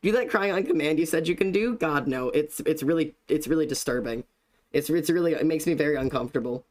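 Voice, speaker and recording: A man's voice: a little high, quick pace. A young man live-streaming, greeting viewers by name and joking in a self-deprecating way, with casual swearing.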